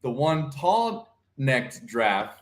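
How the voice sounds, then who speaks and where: A man's voice: medium pitch, very animated, slow. Rambling goofy man co-host. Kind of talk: casual morning chat.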